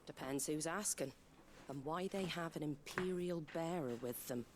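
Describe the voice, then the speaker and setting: A woman's voice: sits low, normal speed, noisy background, lightly acted. An actress playing a guarded, blunt landlady of a tavern in a game. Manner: guarded and blunt, plain warnings. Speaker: game character.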